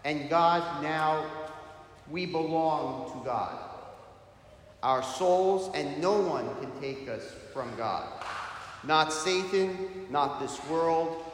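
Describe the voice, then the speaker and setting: A man, a priest, delivering a sermon with slow, emphatic preaching that rises strongly on key words. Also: a little high, a little hiss or hum. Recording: echoey church hall.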